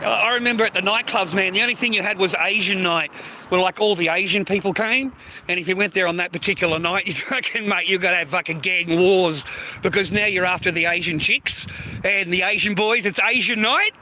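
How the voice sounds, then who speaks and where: A man's voice: high-pitched, a little fast, sharp tone, a little hiss or hum. A middle-aged Australian man vlogging outdoors on a phone, swearing constantly and tagging mate onto nearly every line. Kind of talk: rambling street vlog. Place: outdoors on city streets.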